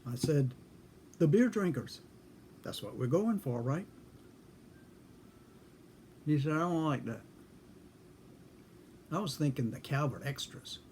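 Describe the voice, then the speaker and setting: A man's voice: medium pitch, lively intonation, unhurried, long pauses, a little mellow, slight background noise. A man telling a casual story in a folksy, dry way, acting out both sides of a conversation. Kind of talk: casual spoken anecdote.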